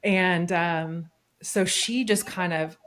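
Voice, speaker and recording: A woman with a slightly low voice tells a story as a podcast guest. Her delivery is casual and lively, and she often slips into acting out what people said. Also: slow.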